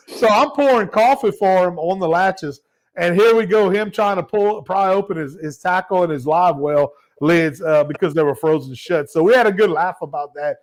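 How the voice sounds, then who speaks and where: A man with a Louisiana accent, hosting a casual chat and telling an animated story, acting out the quotes. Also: sits high, normal speed. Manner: animated anecdote teller, acts out quotes. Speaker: show host.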